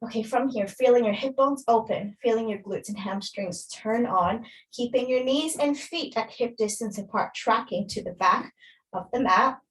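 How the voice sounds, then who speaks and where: A woman's voice: fairly high pitch, moderate pace, recorded from a distance, poor audio. Breathless woman leading a workout. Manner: encouraging, counts reps aloud. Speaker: fitness instructor. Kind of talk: guided workout instruction.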